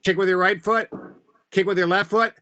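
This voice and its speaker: A man's voice: high voice, steady tone, moderate pace, sharp tone. A man leading a group line dance as event facilitator, upbeat and calling out steps and counts over a video call.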